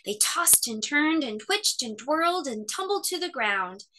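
A woman hosting children's story time, reading a picture book aloud with expressive, animated storytelling. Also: high voice, measured pace, a little hiss or hum.

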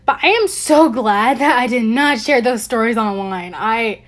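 A young woman with a fairly high voice hosts a reaction commentary from home. She rants in exasperation, lets out frequent laughs and keeps pressing her point. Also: measured pace. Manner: exasperated, ranting, often laughing. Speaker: commentary channel host. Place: at home with family over.

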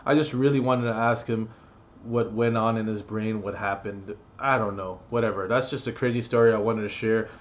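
A man's voice: lowish voice, steady tone, normal speed, dull audio. Young man, vlogger, rambling, blunt, swears, casual storytelling. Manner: blunt, rambling, profane, many fillers.

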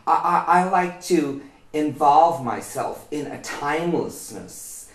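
Man as a lofty fashion academic, unhurried and pompous, in a roomy echo. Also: on the high side, expressive, recorded from a distance. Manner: pompous, slow and deliberate. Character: pompous male fashion academic, self-important.

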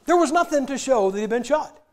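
High-voiced folksy older man preaching. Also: expressive, fairly quick, a little mellow, slight background noise. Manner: folksy, joking, acts out movie scenes. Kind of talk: humorous sermon storytelling. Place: church.

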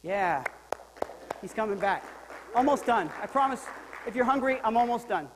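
A male pastor preaching a sermon in a lively, joking way, swinging between loud and quiet. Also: sits high, moderate pace, big-room sound, background noise. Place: church sanctuary.

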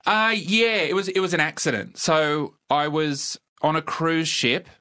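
Dry, laconic Australian man with a bright voice. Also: on the high side, steady tone, unhurried, clean tone. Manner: laconic, dry, wry delivery with chuckles. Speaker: comedian guest. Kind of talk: casual storytelling interview.

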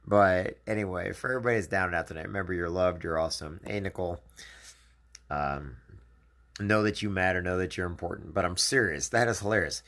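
Gravelly, deep-voiced man giving earnest encouragement. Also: fairly quick, fairly bright tone. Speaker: channel host. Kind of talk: casual live video message.

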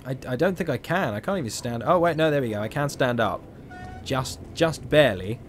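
A man's voice: medium pitch, expressive, brisk, slight background noise. A tired man giving rambling, joking commentary as he plays. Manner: rambling, joking, talks to himself. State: tired, yawning. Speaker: gameplay commentator. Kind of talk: casual game commentary.

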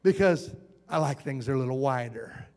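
A man's voice: medium pitch, animated, a little fast, darkish tone. A man preaching a sermon, folksy and playful, often asking the congregation questions. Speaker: pastor. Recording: hall reverb.

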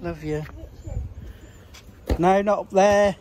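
Talking slowly in his home garden, a middle-aged man films a family vlog with slight background noise behind him. He's chatty and playful, teasing the kids and pets and breaking into a lively, high sing-song voice for them.

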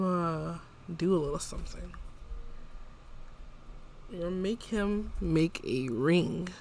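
A man's voice: high-pitched, vocal fry, slight background noise. A man casually commenting on a life-sim game as he plays, chatting to the characters and his viewers. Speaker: gameplay vlogger.

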